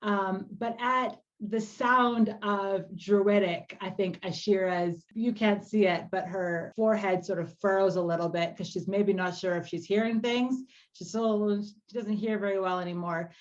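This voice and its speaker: A woman's voice: medium pitch, fairly even intonation, measured pace, hardly any pauses, muffled recording. A woman game master casually describing a character's actions at a tabletop game.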